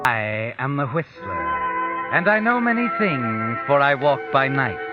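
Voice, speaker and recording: A man's voice: mid-range voice, very animated, a little slow. An actor playing a mysterious, all-knowing male narrator in a 1940s radio drama, speaking in an ominous, taunting way. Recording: dull 1940s radio broadcast with music. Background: music.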